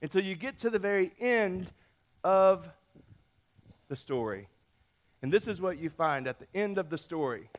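Playful, slightly high-voiced male preacher. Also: animated, normal speed, long pauses. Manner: playful storytelling, varied emphasis. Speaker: pastor. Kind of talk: sermon.

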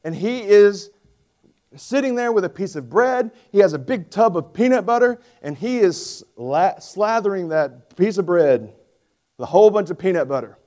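A pastor in his forties preaches a sermon to his church. He tells stories in an animated, emphatic way, and his voice sits somewhat high for a man. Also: moderate pace.

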